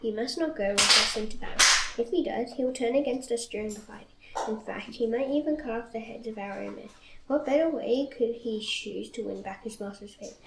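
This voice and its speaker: A woman's voice: on the high side, brisk, gravelly, fairly bright tone. A woman reading the lines of angry male army commanders in an echoey room. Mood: insistent. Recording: echoey room, faint noise.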